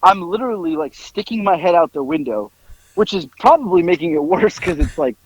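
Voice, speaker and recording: A man telling stories in a casual podcast chat, with lively mimicry of the people in them. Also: brisk, dry recording, rough recording. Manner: animated, mimics others in a high strained voice. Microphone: headphones over remote call.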